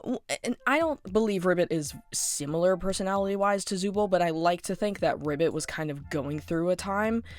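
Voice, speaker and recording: Rambling woman with a lowish voice. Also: brisk, few pauses, dry recording. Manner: rambling with many fillers and laughs. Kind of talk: casual rambling monologue.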